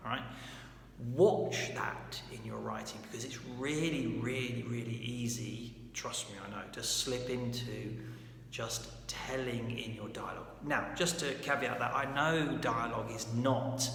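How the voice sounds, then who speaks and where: Gravelly guy chatting through a writing lesson, keeps asking "right?", echoey room w/ long reverb. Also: medium pitch, fairly bright tone, slight background noise. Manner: informal, checks in with frequent "right?". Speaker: writer giving writing advice. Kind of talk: casual writing lesson to camera.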